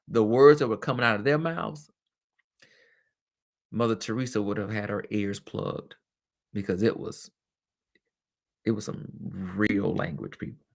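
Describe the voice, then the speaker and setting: Candid lively man hosting a webcast. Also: lowish voice, a little slow, gravelly, pauses often. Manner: candid, lively, laughs often, chatty asides. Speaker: host and former teacher. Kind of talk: casual webcast talk.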